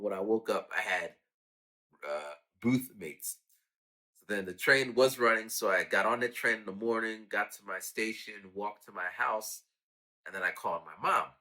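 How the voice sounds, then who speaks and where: A man with a low-pitched, bright and forceful voice talks casually about his raps. He acts out sound effects and quoted lines as he goes. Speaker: rapper talking about his own songs. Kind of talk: casual storytelling.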